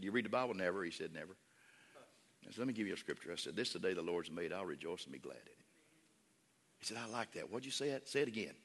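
A man preaching a sermon as a pastor, switching between loud shouted praise and soft folksy storytelling. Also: on the low side. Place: large church hall with congregation. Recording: long hall reverb with faint crowd.

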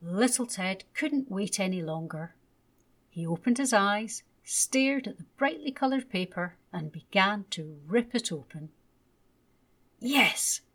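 A woman reading a children's bedtime story in an unhurried, gentle and expressive way. Her voice is soft and breathy, taking each line slowly. Her pitch sits in a middle range.

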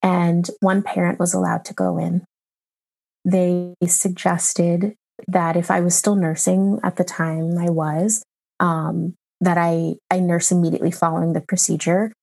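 A woman in her thirties, a mother recounting a hard experience in an interview, emotional and halting with many pauses and fillers. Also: fairly low pitch, level tone, gravelly, darkish tone. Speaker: mother telling her story. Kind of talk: personal account in an interview.

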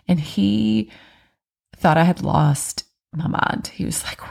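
Low, gravelly-voiced chatty mom. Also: female voice, measured pace. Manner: chatty and animated, acting out quotes. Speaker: mother of four. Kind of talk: casual personal storytelling.

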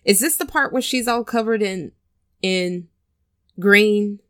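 A woman casually chatting and retelling a film scene, animated and storytelling. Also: medium pitch, slow pace, no room sound, studio quality. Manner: chatty, animated storyteller who acts out quotes. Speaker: podcast co-host. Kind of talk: casual chat recapping a film.

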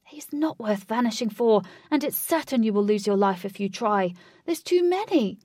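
A woman reads as a gentle young male hero with a soft, earnest voice that sometimes drops near a whisper. The storybook reading is close and dry. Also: a little high, lively intonation, moderate pace, dry recording, distant mic.

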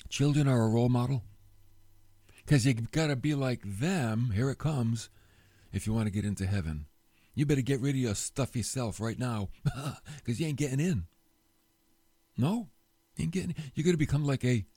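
Older man preaching with a lively, swooping voice. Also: medium pitch, dry recording. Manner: emphatic, folksy, joking asides. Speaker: pastor. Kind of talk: conversational sermon teaching.

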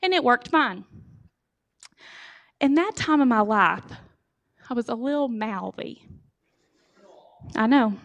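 A woman giving a storytelling sermon, animated and humorous, speaking directly to her audience. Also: on the high side, slow, creaky, pauses often, lo-fi sound. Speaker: speaker giving a church talk.

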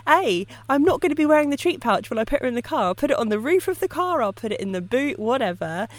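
A woman hosting a casual solo podcast on dog training, telling stories in a lively way and often laughing. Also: high-pitched, fast, no room sound. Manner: lively storytelling with frequent laughs.

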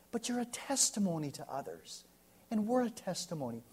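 An American man, a pastor, preaching a sermon and telling a story, swinging from loud to hushed. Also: high voice, wildly swooping pitch, moderate pace, slightly rough. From United States.

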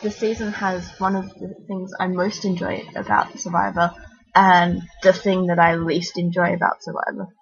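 Husky woman cohost, blunt opinions, kinda muffled lo-fi mic. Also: lowish voice, flat delivery, moderate pace. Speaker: podcast co-host. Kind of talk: casual podcast chat. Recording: dull lo-fi mic.

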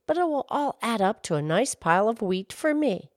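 A woman voicing a sly thieving man who talks in a hushed, scheming way. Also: a little high, very animated, normal speed, no echo, studio quality, voice pushed up.

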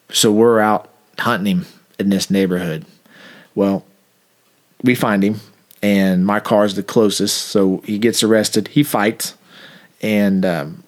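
A former police officer telling a funny story in a wry, conversational manner. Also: male voice, fairly low pitch. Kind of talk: anecdotal interview storytelling.

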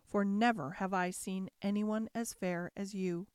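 A woman's voice: mid-range voice, steady tone, unhurried, a little mellow, clean tone, no room sound, studio quality, natural voice. A woman reading a storybook aloud, speaking the lines of a courteous young prince in a formal manner. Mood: courtly.

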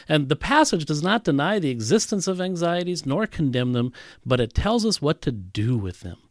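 Male pastor, lively sermon voice, dry close recording, emphatic teaching. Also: medium pitch, no room sound. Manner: animated Bible teaching with emphatic repetition.

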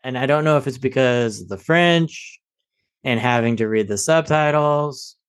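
A man's voice: medium pitch, normal speed, smooth. Joking, rambling man co-hosting a podcast. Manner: joking, rambling, self-deprecating. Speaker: podcast co-host. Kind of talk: casual movie review chat.

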